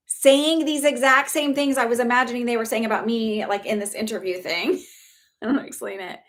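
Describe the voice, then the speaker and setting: A young woman giving live psychic readings in a chatty, reassuring way, full of filler words. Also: on the high side. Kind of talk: casual livestream reading.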